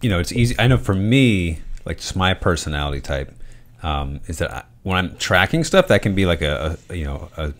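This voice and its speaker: A man's voice: deep voice, animated, a little fast. A man co-hosting a casual podcast, talking reflectively and swearing casually. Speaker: podcast co-host.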